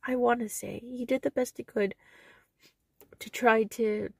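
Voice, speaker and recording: Earnest woman with a gravelly edge. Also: fairly high pitch, steady tone, unhurried, darkish tone, dry recording, clean studio sound. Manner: emotional, earnest, retelling conversations. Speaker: vlogger. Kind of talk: personal storytelling vlog.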